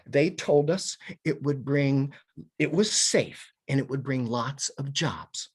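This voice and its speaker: A man voicing a stubborn, suspicious middle-aged woman in a comic story, answering flatly and skeptically. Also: medium pitch, takes it slowly, slightly rough.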